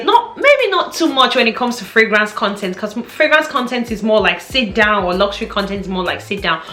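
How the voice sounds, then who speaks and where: A woman's voice: fairly high pitch, fairly bright tone. A young woman vlogger chatting playfully to her viewers and laughing often. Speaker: fragrance vlogger. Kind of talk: casual chat to camera. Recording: echoey room with faint music.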